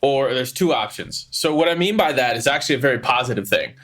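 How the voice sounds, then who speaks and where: Rambling, animated man on a podcast. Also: mid-range voice, fast. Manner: rambling, animated storytelling with frequent restarts. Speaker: podcast co-host. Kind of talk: casual podcast chat.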